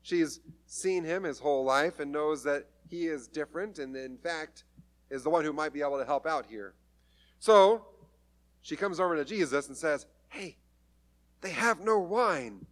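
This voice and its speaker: Brief: male pastor, slightly high voice, casual storytelling sermon with light humor. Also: moderate pace.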